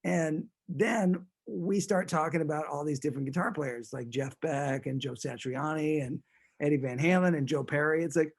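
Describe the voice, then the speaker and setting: A man tells a story as a guest in a relaxed interview. He rambles with an amused air and often restarts his sentences. His voice sits a little high for a man. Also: normal speed, vocal fry, breathy edge.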